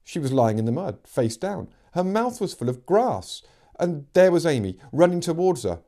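A man narrating a children's novel extract in an expressive reading voice. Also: a little high, normal speed. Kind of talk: storybook narration.

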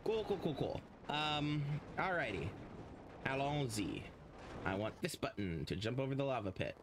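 A man's voice: mid-range voice, big pitch swings, normal speed, background noise. A man casually commenting on his gameplay as a streamer, rambling and swearing freely.

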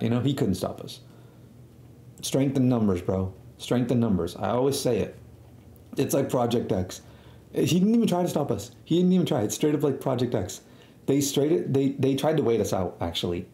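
Speaking in a dark-toned, medium-pitched voice, this young streamer spins a meandering tale full of casual slang and swearing. His recording carries noticeable room echo.

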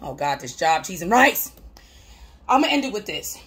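A woman vlogger talking about her recovery, emphatic and repetitive like a preacher, often laughing and breaking into shouts. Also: on the low side, big pitch swings, moderate pace. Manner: emphatic, repeats phrases, preacher-like cadence. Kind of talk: motivational talk to camera.

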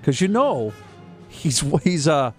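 A man's voice: on the high side, very animated, slow pace, faint music behind. Enthusiastic male sports radio host. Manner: enthusiastic, repeats himself. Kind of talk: casual chat.

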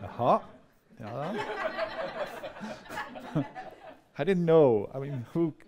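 A man talking casually to an audience, rambling and lively, often laughing. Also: fairly high pitch, very slow, lo-fi sound, a crowd in the background. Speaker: storyteller. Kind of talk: casual talk to a live audience.

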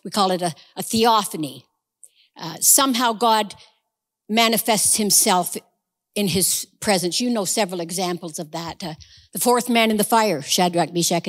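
A woman's voice: medium pitch, in a large hall. A woman preaching a sermon, telling a story conversationally with humorous asides.

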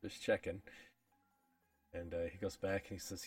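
A man narrating a tabletop game as game master, talking casually with many fillers and pauses. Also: low voice, level tone. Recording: distant mic, dry with faint music.

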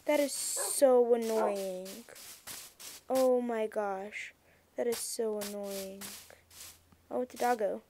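A young woman giving casual, excitable commentary over her own gameplay, easily flustered and exclaiming at what happens on screen. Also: on the high side, takes it slowly, pauses often, a little hiss or hum, rough recording. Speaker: gameplay streamer.

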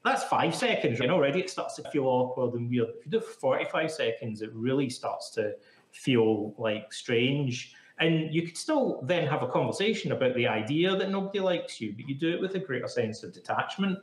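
This is a male psychotherapist guest in an interview, speaking briskly with an expressive, mid-range voice. He explains in a loose, chatty style packed with "like" fillers, and the room sounds echoey.

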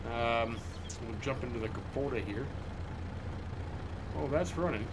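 A man's voice: mid-range voice, a little slow, noisy background. A man chatting casually to viewers while playing a farming game, rambling and cracking jokes. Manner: rambling, joking asides to viewers. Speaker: gaming channel host.

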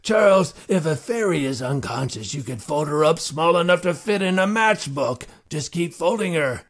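A man voicing a tall, old cowboy marshal with a dry, grumbly, low drawling voice. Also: lively intonation, normal speed. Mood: gruff.

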